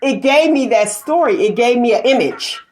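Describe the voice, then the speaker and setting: Chatty woman with a fairly high voice. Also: expressive, normal speed, a little mellow. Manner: chatty, laughs often, acts out little quoted asides. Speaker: show host. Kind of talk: casual chat.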